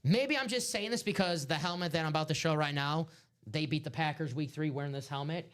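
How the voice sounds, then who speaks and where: A man's voice: fairly high pitch, brisk. A man hosting a live stream, rambling through casual sports chat. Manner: chatty, rambling sports talk.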